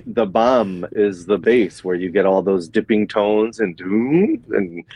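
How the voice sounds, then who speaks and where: Relaxed low-voiced male guest. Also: unhurried, breathy edge, no echo. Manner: relaxed, explanatory, with fillers. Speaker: guest musician. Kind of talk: casual interview chat.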